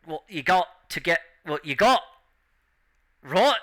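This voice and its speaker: A man's voice: fairly high pitch, animated, slow pace, pushed and bright, full character voice. A man voicing a drunk male orc who rambles and slurs. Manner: slurred, rambling.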